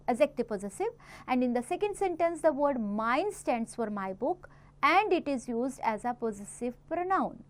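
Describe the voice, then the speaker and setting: High-voiced Indian woman teaching grammar. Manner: switches between English and Hindi, quick asides; reads examples slowly and clearly. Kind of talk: grammar lesson explaining to children.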